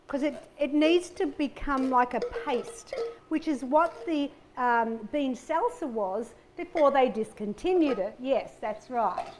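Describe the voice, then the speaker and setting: A woman's voice: high voice, a little mellow, a little hiss or hum. A middle-aged woman hosting a cooking show, chatting upbeat to viewers as she chops and fries in her kitchen. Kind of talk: casual cooking demonstration. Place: home kitchen. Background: pan sizzling and kitchen clicks.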